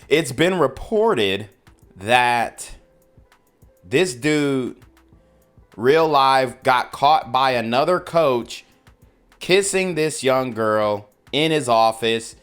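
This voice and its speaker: A man hosting a news commentary channel, reacting in casual talk with drawn-out exclamations. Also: mid-range voice, fairly bright tone, smooth. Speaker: host reacting to news clips.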